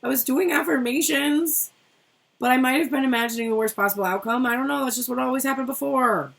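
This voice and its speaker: A woman voicing a flustered, defensive young woman who excuses herself with nervous laughs, higher and louder than her own voice. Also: quick pace, vocal fry. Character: anxious defensive young woman fretting over hopes.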